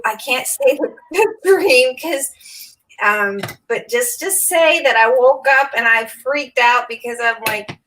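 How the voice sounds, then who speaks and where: A woman's voice: on the high side, a bit bright, low-quality recording. A woman in her fifties hosting a craft livestream, chatting casually, laughing often and greeting viewers by name. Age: 50s.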